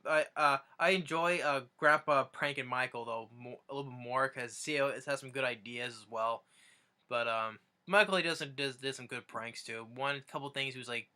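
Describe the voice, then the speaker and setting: Rambling bright-voiced young man. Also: medium pitch. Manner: rambling, many restarts and fillers. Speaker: YouTuber. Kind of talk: casual video recap.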